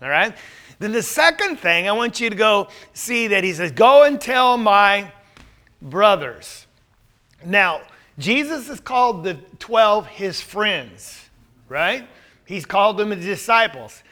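Guy teaching bible class, kinda high bright voice, chatty, keeps asking the room questions. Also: expressive, unhurried. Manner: conversational, with rhetorical questions.

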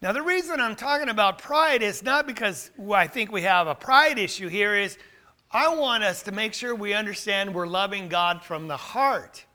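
A man's voice: high voice, lively intonation, moderate pace, pushed and bright. A man preaching a sermon, earnest, quoting scripture with rising emphasis. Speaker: pastor.

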